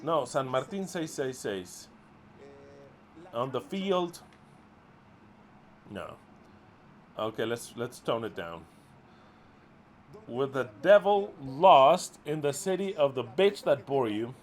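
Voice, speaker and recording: A middle-aged man leading a ministry, scolding his followers in a profane, exasperated way, swinging from loud outbursts to low muttering. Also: sing-song, takes it slowly, long pauses, a little hiss or hum. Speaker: ministry leader.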